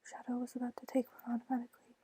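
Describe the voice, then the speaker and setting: A woman's voice: fairly high pitch, rapid-fire, slight background noise, low-quality recording. Woman reading a novel in whispered role-play. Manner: soft unvoiced whisper, even reading. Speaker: ASMR book reader.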